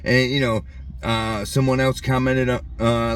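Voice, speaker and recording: A man's voice: medium pitch, flat delivery, measured pace, distant mic, a little hiss or hum. A man hosting his own vlog, ranting indignantly and mocking the commenters who disagree with him. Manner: indignant, repetitive, mocks opponents' comments. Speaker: channel host. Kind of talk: opinionated vlog rant.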